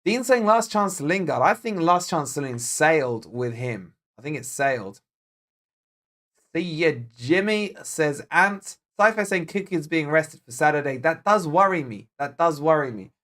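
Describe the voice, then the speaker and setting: This football fan channel host, Scottish-born with a matching accent, has a slightly high, somewhat bright voice, lively intonation, and a moderate pace. He runs a live watch-along in a loose, joking style, answering viewer comments along the way.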